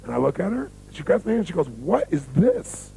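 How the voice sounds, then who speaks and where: A man telling stories in a motivational seminar, animated and full of rhetorical questions to the audience. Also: sits high, very fast, creaky, a little hiss or hum, poor audio. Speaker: seminar speaker.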